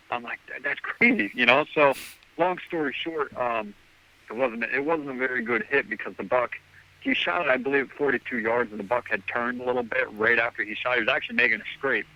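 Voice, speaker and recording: A man with a very bright, tense, sharp voice at a middling pitch, telling a long story as a podcast guest. He rambles and acts out each exchange with quick "I'm like" quotes. The audio is dull and lo-fi. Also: animated. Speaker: guest hunter. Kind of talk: casual storytelling.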